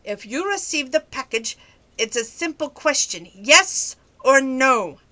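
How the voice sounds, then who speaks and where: A woman's voice: high voice, big pitch swings, takes it slowly, pushed and bright, heavily acted. Woman quoting a pushy male phone scammer. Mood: demanding. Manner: blunt, demanding, clipped.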